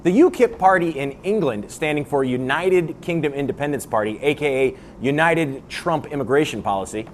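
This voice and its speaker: A man hosting a comedy news segment in a sarcastic monologue, laughing at his own jokes. His voice sits a little high and moves up and down a lot, with a faint hiss behind him. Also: animated, normal speed, hardly any pauses. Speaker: host.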